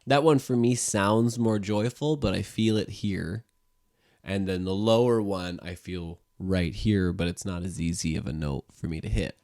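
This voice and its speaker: A man with a very deep, gravelly voice leads a voice-exercise session as a sound therapist. He talks in an easygoing, meandering way, leaning on fillers as he explains. The sound is dry and close, with almost no room around it. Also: unhurried, darkish tone, no echo. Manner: easygoing, rambling, filler-heavy. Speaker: music teacher and sound therapist. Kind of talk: guiding a voice exercise.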